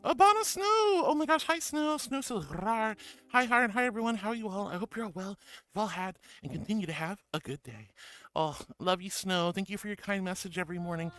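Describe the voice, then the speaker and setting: A woman's voice: medium pitch, fast talker, a bit bright. A woman VTuber streamer in casual live-stream chat, playful and affectionate, giggling as she greets viewers and reads their messages aloud.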